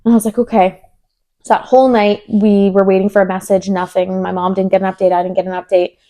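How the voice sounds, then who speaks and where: A woman's voice: medium pitch, quick pace. A young woman co-hosting a podcast, telling a story in casual chat, acting out quoted lines with many "like" fillers. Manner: animated, acts out quoted dialogue, many "like" fillers. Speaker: podcast co-host.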